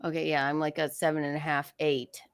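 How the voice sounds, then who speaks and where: A woman guest on a comedy podcast, telling stories with animated put-on voices, laughing often and swearing. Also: low voice, a little fast, smooth, dry recording, clean studio sound. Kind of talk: casual comedic chat.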